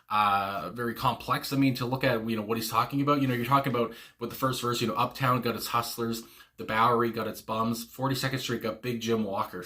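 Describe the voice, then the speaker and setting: A man's voice: medium pitch, pushed and bright. A young man hosting a casual music reaction, rambling with many fillers and restarts and laughing often. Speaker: music reaction channel host.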